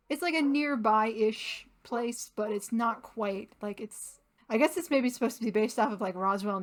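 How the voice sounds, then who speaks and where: A young adult woman hosting a gaming channel, giving casual, rambling let's-play commentary and laughing often. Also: medium pitch.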